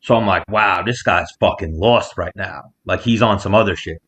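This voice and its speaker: Lo-fi, low-voiced man telling a wild story. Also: moderate pace. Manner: animated storyteller, acts out quotes loudly. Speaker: podcast co-host. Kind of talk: casual storytelling chat. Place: rented house, remote call.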